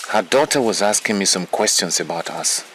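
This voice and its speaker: An actor playing a mistreated young palace servant in a Nigerian film drama, plaintive, with a Nigerian accent. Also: male voice, sits low, lively intonation, moderate pace, noisy background. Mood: sad.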